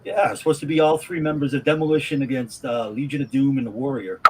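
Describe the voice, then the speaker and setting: A man in a casual chat, gruff and profane, grumbling about an old grudge. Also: mid-range voice, fairly even intonation, fast, noisy background. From Boston area.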